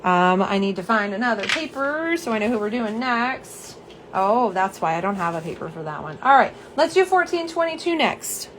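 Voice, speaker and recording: A chatty woman with a drawl hosts a casual livestream, her voice sitting at an ordinary middle pitch. She sounds tired, her sentences often trailing off soft. A faint background hiss runs under the recording. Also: big pitch swings, normal speed. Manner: chatty, reads viewer comments aloud, trails off soft and tired. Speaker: nail polish livestream host. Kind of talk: casual live-stream chat.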